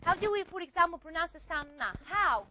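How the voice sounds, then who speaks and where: A woman's voice: very high-pitched, animated, fairly quick, bright, forceful tone, dull audio, a little hiss or hum. A woman lecturing a class on phonetics, repeating her points and checking that students follow with frequent questions. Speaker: phonetics teacher.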